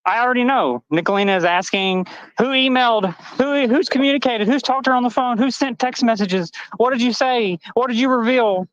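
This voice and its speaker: Trans woman going off on an angry rant, high voice, lots of cursing, dull dry stream audio. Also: no room sound. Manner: angry, swearing, rapid-fire accusations. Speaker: live stream panel guest. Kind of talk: heated rant.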